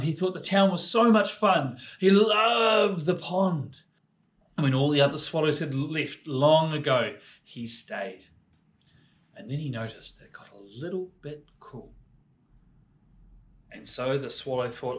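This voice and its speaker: Expressive New male storyteller. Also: on the high side, measured pace. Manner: expressive, swings from lively to hushed. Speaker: children's ministry storyteller. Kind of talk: children's storytelling.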